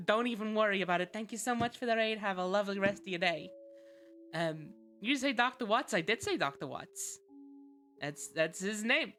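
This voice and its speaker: A woman's voice: fairly low pitch, a bit bright. A woman streaming a game, chatting casually, laughing often and thanking viewers. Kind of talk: casual live-stream chat.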